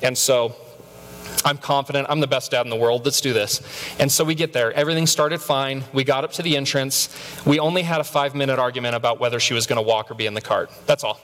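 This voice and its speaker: A man's voice: medium pitch, fairly even intonation, fast, fairly bright tone. A man in his thirties preaching a sermon, telling stories with self-mocking humor and stammered repeats. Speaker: pastor. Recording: long reverb of a large hall.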